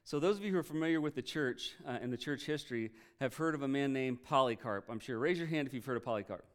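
A male pastor preaching a sermon, telling a story earnestly and with feeling, often pausing to react. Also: medium pitch, clear, resonant tone. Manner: earnest storytelling, emotional, retells quotes with energy.

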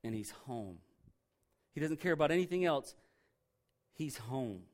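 This preacher is animated yet measured, delivering his sermon with earnest emphasis. Key phrases come back again and again, and his stressed lines sink to a soft, low register.

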